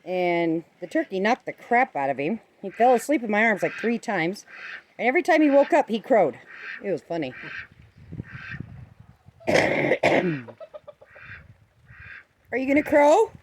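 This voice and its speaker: A woman walks her rainy farmyard with a handheld camera and chats casually to her flock. Her voice sits high and swoops up and down as she coos at the hens in a sing-song way. She talks slowly and unhurriedly, with a faint hiss of noise underneath. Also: big pitch swings. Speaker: backyard poultry keeper filming her flock. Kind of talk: casual vlog, talking to her animals. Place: outdoor farmyard with pens in the rain.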